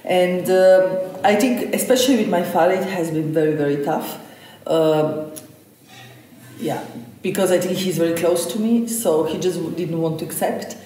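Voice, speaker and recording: A woman's voice: fairly low pitch, moderate pace, very echoey, distant mic, slight background noise, low-quality recording. A young woman chef from Slovenia, telling stories in an interview with lots of fillers. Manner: animated storytelling, frequent fillers. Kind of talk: conversational interview.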